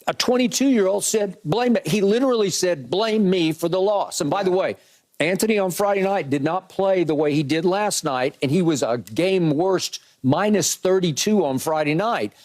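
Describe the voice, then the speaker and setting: A man's voice: sits high, expressive, normal speed, a little mellow. A man arguing a point on a sports talk show, emphatic and acting out other people's words. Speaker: sports commentator.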